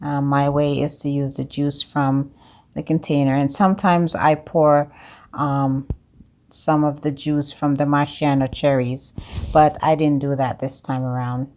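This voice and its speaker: Low-voiced lady with an accent walking viewers thru a cake recipe, chatty and upbeat. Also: level tone, measured pace, a little mellow. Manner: upbeat, talks straight to viewers as "guys"; speaks with a non-native accent of English. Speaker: home cooking vlogger. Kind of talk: chatty cooking demonstration.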